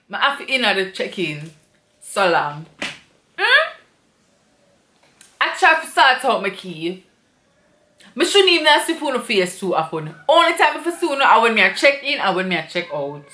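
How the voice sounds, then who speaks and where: A woman with a Jamaican accent, vlogging an animated, indignant storytime review in patois. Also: fairly high pitch, reverberant.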